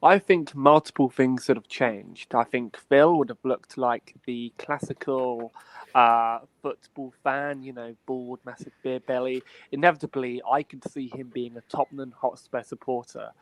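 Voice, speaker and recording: A man reading out a listener question on a podcast, with a measured, deliberate delivery. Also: mid-range voice, steady tone, dry recording, rough recording. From Britain.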